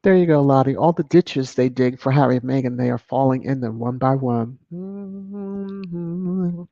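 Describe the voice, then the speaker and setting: A man hosting a live stream, reading viewer comments in a casual, animated way with laughs and sudden high exclamations. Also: brisk, creaky, dry recording, dull audio. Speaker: livestream host reading chat.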